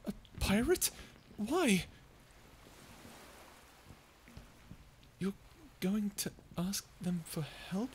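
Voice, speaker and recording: A woman's voice: medium pitch, a little mellow, slight background noise. A woman voicing a prickly young sea creature who stammers and hides her fear behind insults, in a listener-perspective audio drama. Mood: scornful. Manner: stuttering, flustered tsundere bluster.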